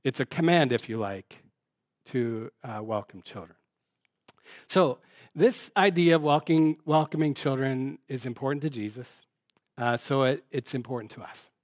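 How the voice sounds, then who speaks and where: A man's voice: medium pitch, moderate pace, no echo, studio quality. A man preaching a sermon in an earnest, conversational way, posing rhetorical questions and often restarting his sentences. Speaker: pastor.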